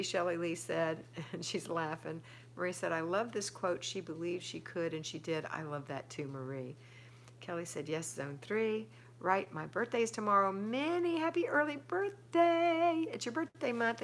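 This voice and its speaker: Reading out viewer comments and responding, a middle-aged woman runs a casual home live stream. Her voice is lowish and fairly bright at a moderate pace, with slight hiss or hum.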